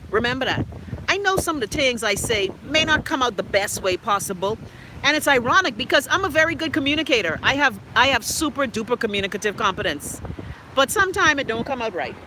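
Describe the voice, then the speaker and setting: Sharp-voiced woman chatting live outdoors. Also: on the high side, a little fast, slight background noise, rough recording. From Bahamas. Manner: animated, teasing banter with viewers, reads comments aloud. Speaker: livestream host reading viewer comments. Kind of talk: casual live chat. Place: outdoors in a city street.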